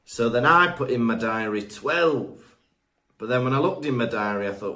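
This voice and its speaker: A man's voice: fairly low pitch, fairly quick, pushed and bright, echoey room. A man co-hosting a podcast in casual chat, wry and teasing. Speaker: podcast co-host.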